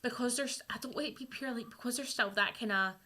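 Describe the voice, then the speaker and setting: A woman's voice: a little high, fast talker, sharp tone. A Scottish woman co-hosting a radio chat show, talking casually and meandering with fillers. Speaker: radio co-host.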